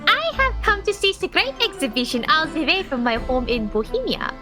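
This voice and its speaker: Girl doing a stuck-up rich little kid, stiff and formal, high lively voice, music behind. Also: normal speed. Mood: prim. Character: little rich German boy, prim and proud.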